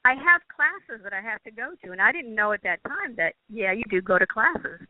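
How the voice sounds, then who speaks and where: A woman guest, a quantum healing practitioner, telling a personal story in an earnest, halting way, often restarting her phrases. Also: a little high, big pitch swings, no room sound. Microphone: phone or call line. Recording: tinny dry phone line.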